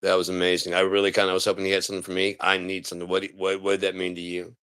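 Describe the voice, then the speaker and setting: Man, livestream rant, sarcastic, mimics people, sudden shouts, very low voice, dry close sound. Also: completely flat delivery, racing, clear, resonant tone, dry recording. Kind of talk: live-stream commentary rant.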